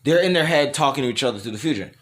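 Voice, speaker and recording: A man's voice: mid-range voice, expressive, rapid-fire, fairly bright tone. Rambling man narrating a fan story. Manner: rambling, self-correcting, laughs at himself. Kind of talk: casual improvised narration.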